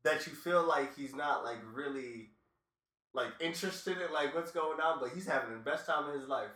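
A man with a very bright, forceful voice chats loosely with his friends, swearing and packing "like" into nearly every phrase. He sounds set back from the mic in an echoey room, and a faint noise runs underneath him. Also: a little high, normal speed, distant mic. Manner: loose, profane, fills with "like". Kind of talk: casual chat while gaming. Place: room with friends playing a video game.

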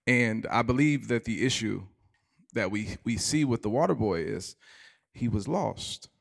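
A man preaching a sermon, telling a story and dropping to quiet emphasis. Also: lowish voice, expressive, measured pace, vocal fry.

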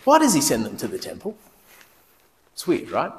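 A man preaching a sermon in a lively, conversational way, asking the congregation questions as he goes. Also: medium pitch, moderate pace, slight background noise. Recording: long reverb of a large hall.

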